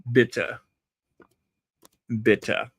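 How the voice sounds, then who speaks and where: A man's voice: medium pitch, little pitch movement, very slow, slightly rough, no echo. A man hosting a casual solo gossip vlog, chatting to viewers in a rambling way and repeating words for emphasis. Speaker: royal gossip channel host.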